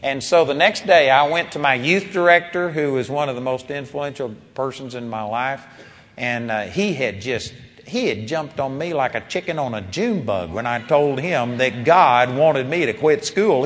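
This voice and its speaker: A man preaching a sermon, telling a personal story with animated rises and quiet drops when quoting people. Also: mid-range voice, normal speed. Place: large seminar hall. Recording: long reverb of a large hall.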